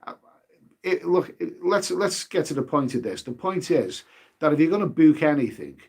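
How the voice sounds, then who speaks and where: A man's voice: on the high side, animated, moderate pace, vocal fry, a little mellow, husky. A man hosting a travel live stream in a casual, rambling way, repeating his words and leaning on fillers. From United Kingdom.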